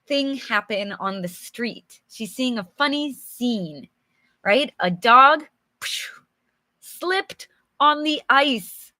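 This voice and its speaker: A woman's voice: on the high side, bright, forceful tone, dry recording, clean studio sound. A young adult woman teaching English on a live stream, reading a storybook and chatting patiently with viewers while explaining words simply. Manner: chatty, answers viewers' comments.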